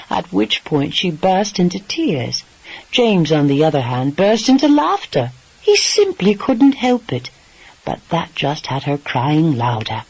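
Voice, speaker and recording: A man narrating a romance audiobook in a steady, even storytelling delivery. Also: on the high side, a little slow, gravelly, husky, rough recording.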